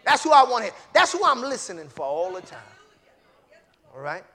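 A man preaching at a church service in a very high, soaring voice that swings wildly up and down. He calls out for the congregation to answer back, drops into easy, chatty asides, then bursts into shouting. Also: very animated, brisk. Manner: call-and-response, bursts into shouting; casual conversational preaching with laughter. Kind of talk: sermon.

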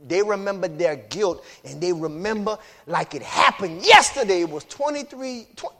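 High-pitched male preacher preaching, casual y'all talk, repeats stuff and works up to shouting. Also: lively intonation, normal speed. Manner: repetitive, building to shouted exclamations; colloquial, uses y'all. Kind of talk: sermon.

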